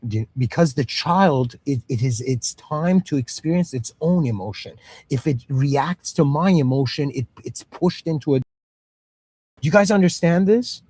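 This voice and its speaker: Thirties male lecturer from the Middle East, casual and chatty, fairly high pitch, dry close recording. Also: animated, measured pace, a little mellow, breathy edge, dry recording. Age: 30s. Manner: conversational, repeats "you know" and "okay"; acts out parent and child voices.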